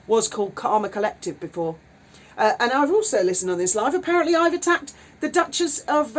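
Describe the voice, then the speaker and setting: A woman's voice: medium pitch, animated, moderate pace. A woman, indignantly ranting and swearing in a vlog. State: widowed. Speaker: YouTuber. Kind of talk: angry vlog rant.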